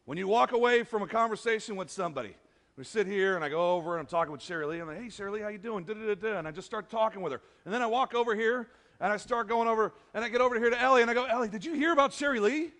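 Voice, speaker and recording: Man, pastor, sermon, animated delivery, high voice, long church reverb. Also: rapid-fire. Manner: animated, acts out quotes, jokes with the congregation. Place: church sanctuary.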